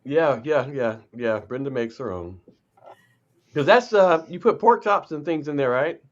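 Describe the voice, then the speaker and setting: A middle-aged man co-hosting a radio talk show in casual chat, exclamatory and quick to laugh. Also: medium pitch, lively intonation. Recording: muffled lo-fi sound.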